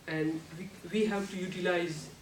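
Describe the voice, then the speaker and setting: A man delivers a prepared speech at a measured, unhurried pace, his fairly high voice picked up from across an echoey meeting room. His grammar is non-native, and he breaks off to demonstrate pitch and volume with sudden bursts. A faint hiss sits under the distant recording. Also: darkish tone. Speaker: club speaker giving a speech. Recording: echoey room, speaker far from mic, faint noise.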